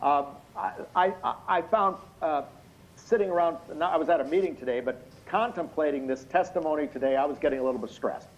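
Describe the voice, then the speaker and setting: A tired, slightly hoarse man giving expert courtroom testimony over a video call, explaining things in a measured way with many hesitant fillers. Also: on the high side, a little hiss or hum. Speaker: expert witness. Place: indoor room at night. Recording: muffled video call audio.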